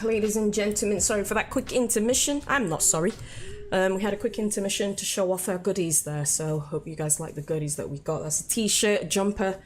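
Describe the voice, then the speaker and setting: A woman's voice: lowish voice, a little hiss or hum. Chatty woman streaming. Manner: chatty, swears freely, laughs easily. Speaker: game streamer. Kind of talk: casual live-stream chat.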